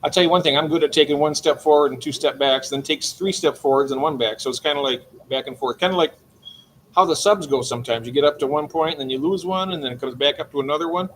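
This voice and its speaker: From his aquarium room late at night, an older livestream host chats and greets chat members warmly by name. His voice is on the high side and quick. A little hiss or hum runs through the audio.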